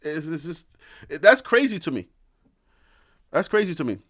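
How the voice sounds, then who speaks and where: A man's voice: on the high side, very animated, normal speed, fairly bright tone. A man hosting a sports channel, talking casually and animatedly to his viewers, sometimes preachy, sometimes teasing with laughs. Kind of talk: casual live-stream chat.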